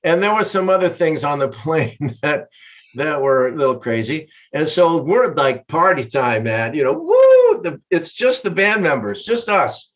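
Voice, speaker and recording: An older man with a fairly high voice spins a rambling road story as a guest, breaking into laughter between sentences. The sound is dull and lo-fi. He talks casually and animatedly. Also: expressive, moderate pace, fairly bright tone. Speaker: guest musician.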